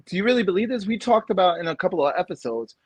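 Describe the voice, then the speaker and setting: Ranting husky-voiced man. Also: sits high, rapid-fire. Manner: ranting, animated, laughs often. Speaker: podcast co-host. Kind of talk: casual debate chat.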